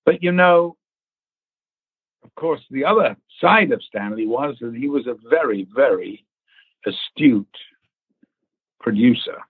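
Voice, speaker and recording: A man's voice: medium pitch, animated, a little slow, pauses often, husky, no echo. Man, actor guest; chatty anecdotes with acted-out quotes, over a thin phone-line signal. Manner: storytelling, acts out quoted people, swears casually. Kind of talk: anecdotal interview chat. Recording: tinny phone-line audio.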